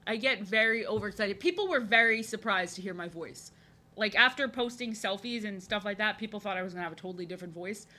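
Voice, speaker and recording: A young woman chatting while drawing on a live stream. She talks in an overexcited, chatty way, often repeats herself, and has a youthful voice that people say sounds like an excited little boy. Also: mid-range voice, quick pace. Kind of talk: casual chat while drawing.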